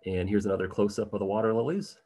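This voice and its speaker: A man's voice: lowish voice, fairly even intonation, quick pace, gravelly, warm tone. A man presenting an art history livestream to his viewers, speaking conversationally with frequent ums and uhs and taking questions from the chat. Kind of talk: livestream slideshow lecture.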